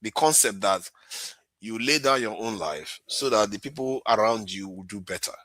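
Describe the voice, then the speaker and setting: A man's voice: on the low side, animated, moderate pace, sharp tone, no room sound. A Nigerian man hosting a live-stream political commentary, ranting with sarcasm and talking back to commenters. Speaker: host.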